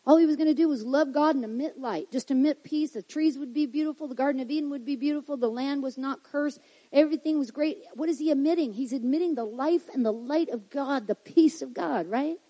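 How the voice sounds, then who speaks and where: A woman preaching with a high, mellow voice. She swings from soft, low asides to loud, emphatic declarations, reading scripture aloud. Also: a little fast, rough recording. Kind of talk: sermon.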